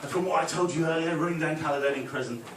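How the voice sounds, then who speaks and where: A man's voice: fairly high pitch, racing. Male stand-up comic, storytelling set, distant mic in an echoey, noisy club room. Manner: storytelling with frequent "right?" tags. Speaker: stand-up comedian. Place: football club function room with a live audience.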